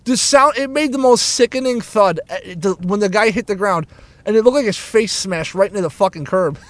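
A man's voice: brisk, no echo. A man hosting his own show, ranting profanely and stumbling over restarts while he drives. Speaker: podcast host. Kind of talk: casual ranting monologue. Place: inside a moving car. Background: engine rumble of the car.

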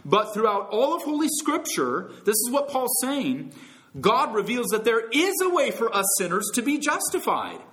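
A pastor preaches a sermon emphatically in a sing-song manner at a moderate pace. His voice rises to loud high peaks and drops low and soft as he addresses his listeners as friends and brothers and sisters.

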